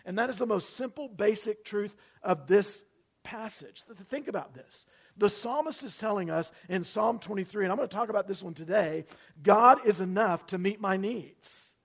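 A male pastor preaching a sermon in a church, repeating key phrases with emphasis and slowing down on them. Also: high-pitched, lively intonation, vocal fry, breathy edge. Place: church sanctuary.

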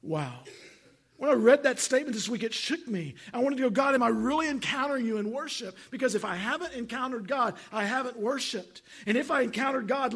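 A man's voice: very high-pitched, lively intonation, fairly quick, a bit bright, husky. A middle-aged male pastor preaching a sermon with emphatic, repetitive phrasing, reading Bible verses aloud.

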